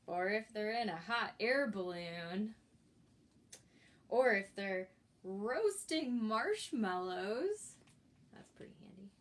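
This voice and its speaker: A woman's voice: on the high side, lively intonation, slow. A woman librarian reading a picture book aloud for children at storytime. She talks in a chatty way and asks the listeners questions. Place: library, recorded for an online video.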